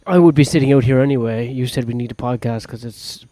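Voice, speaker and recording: Goofy deadpan man co-host, middle-range voice, drifts soft and hushed mid-banter. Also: mid-range voice, fast. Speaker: podcast co-host. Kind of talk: casual banter. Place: in a hut in the jungle. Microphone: wearing headphones.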